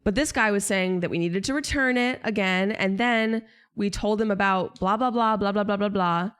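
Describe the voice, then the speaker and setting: A woman's voice: medium pitch, moderate pace, fairly bright tone, clean tone. A young woman streamer venting to her viewers in casual chat, exasperated, swearing and rambling.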